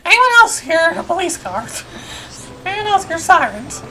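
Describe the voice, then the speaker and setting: A woman's voice: extremely high pitch, very animated, moderate pace, bright, forceful tone, a little hiss or hum. A woman hosting a gaming video, making chatty, amused asides while wearing headphones. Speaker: gaming channel host. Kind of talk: casual commentary. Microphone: headphones on, desk mic. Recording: game music behind.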